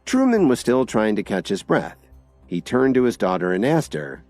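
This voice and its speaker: A male narrator reading an audiobook drama in a low voice. His pitch rises and falls expressively as he tells the story. Faint music plays underneath. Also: wildly swooping pitch, normal speed, darkish tone, no room sound.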